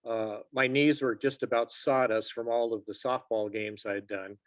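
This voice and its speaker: With a mid-range voice at a moderate pace and no room sound, a man in his sixties who assigns sports officials tells animated stories in a casual interview. He performs the quotes in a louder voice.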